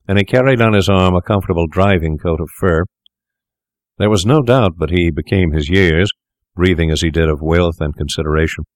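A male audiobook narrator reading a classic tale in a measured, formal way. His voice is very low and deep. The recording is dry and close, with no room sound. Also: no room sound.

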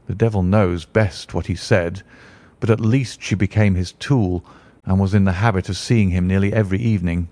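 A man voicing a calm, stern detective who explains in a measured way. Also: low-pitched, dry recording, voice pushed down, lightly acted. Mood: explaining.

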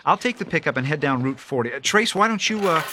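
A brisk, worried dad. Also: male voice, fairly high pitch, expressive, bright, forceful tone, a little hiss or hum. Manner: brisk, practical. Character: worried father, practical and steady. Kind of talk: radio drama acting.

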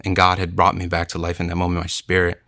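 Deep, earnest young man telling his story. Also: monotone, quick pace, bright, forceful tone, dry recording, studio quality. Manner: earnest, reflective, with frequent "like" and "you know". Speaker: speaker sharing a conversion testimony. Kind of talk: personal storytelling.

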